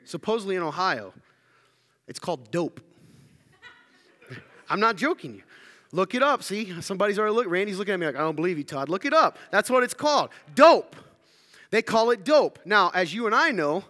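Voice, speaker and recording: A man's voice: sits high, a bit bright. A man from the American South, giving an interactive sermon talk, playful and jokey as he quizzes the audience. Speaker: speaker addressing a congregation. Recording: long hall reverb.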